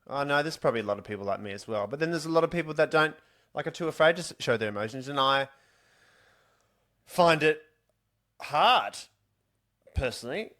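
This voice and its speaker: A man's voice: medium pitch, fairly bright tone. A man, a guest on a podcast, speaking in easygoing casual chat. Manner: easygoing, laughs readily, earnest about emotions.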